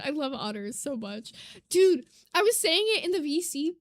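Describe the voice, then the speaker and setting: A young adult woman streaming live, chatting casually with her chat, reading comments and getting excited, swearing casually. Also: sits high, moderate pace, no echo. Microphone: desk mic.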